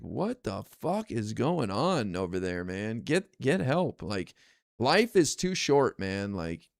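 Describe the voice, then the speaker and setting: A man's voice: mid-range voice, no echo, studio quality. A man ranting casually on his stream, exasperated and profane, rambling with lots of fillers. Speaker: political streamer.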